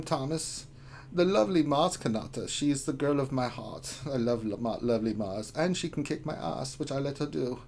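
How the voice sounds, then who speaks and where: A man's voice: fairly high pitch, slight background noise, lightly acted. A man voicing a lecherous German man in a put-on German accent, reading names with sleazy innuendo on a live stream. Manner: sleazy innuendo, drawn-out teasing. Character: lecherous middle-aged German man named Friedrich.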